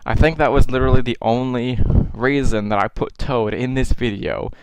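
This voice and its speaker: A man's voice: mid-range voice, steady tone, moderate pace, noisy background. A young man casually commenting on his own old videos, self-mocking and swearing freely, with exasperated outbursts.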